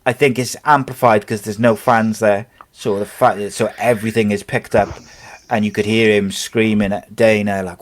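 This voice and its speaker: A man's voice: lowish voice, little pitch movement, moderate pace, slight background noise. A man hosting a casual sports podcast, talking in a rambling way with many fillers and restarts. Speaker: podcast host.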